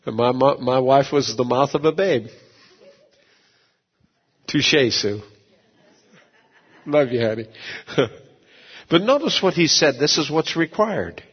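A man preaching a sermon as pastor, telling folksy stories, repeating words and swinging from low asides to shouted peaks. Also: lively intonation, takes it slowly, long pauses, husky, big-room sound, highs cut off.

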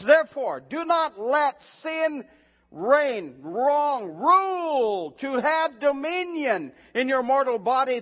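High-voiced preaching man, echoing hall. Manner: emphatic preaching that climbs to shouts; slow, drawn-out reading of verses. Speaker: pastor. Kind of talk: sermon with scripture reading. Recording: dull lo-fi sound in a reverberant hall.

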